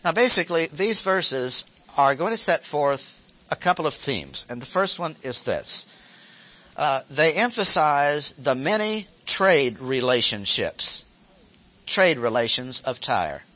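A man's voice: a little high, very animated, slow pace, sharp tone. A man teaching a Bible lesson, reading verses aloud and stopping to explain them with short asides and repeated key phrases. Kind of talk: expository Bible lecture.

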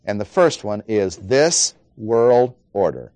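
A man preaching an expository sermon, working through verses and stressing key words with slow, dramatic pauses. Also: lowish voice, big pitch swings, a little mellow, no echo.

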